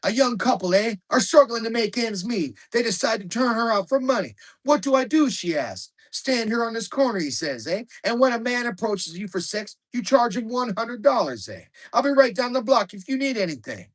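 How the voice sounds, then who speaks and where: A man voicing a rowdy Canadian man with a Canadian accent, telling crude jokes in a boisterous, raised voice full of drawn-out "eh"s. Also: very high voice, sing-song, fairly bright tone, pitched above the performer's own voice, heavily acted.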